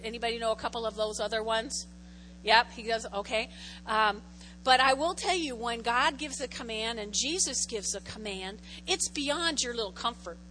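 A woman giving a lively Bible lesson to a group, acting out the people in the story and asking her listeners questions. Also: on the high side, moderate pace. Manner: animated, acts out voices, asks the audience questions. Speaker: Bible teacher. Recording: long hall reverb, faint hum.

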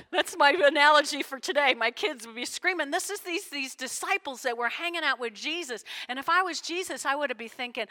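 A woman pastor preaching a lively sermon to her congregation, playfully acting out the people she quotes. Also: high voice, fairly quick, hardly any pauses. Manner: animated, playful, acts out quotes with big shifts. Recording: long hall reverb.

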